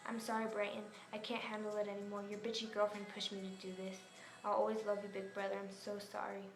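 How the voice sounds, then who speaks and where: A woman voicing a despairing teenage girl who speaks in a halting, apologetic way. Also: medium pitch, completely flat delivery, roomy sound, close to an everyday voice. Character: despairing teen girl recording a goodbye.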